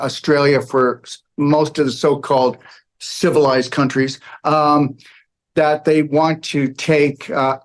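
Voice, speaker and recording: A man giving a rambling, emphatic lecture to a live audience, often checking in with okay and all right. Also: a little high.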